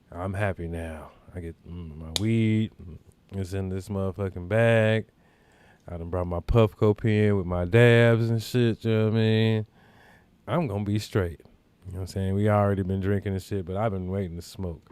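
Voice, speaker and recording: A man's voice: low-pitched, fairly even intonation, moderate pace, a little mellow, clean tone, dry recording. A man hosting a podcast, telling a rambling, profane anecdote in casual chat with lots of asides. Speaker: podcast host. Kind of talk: casual storytelling.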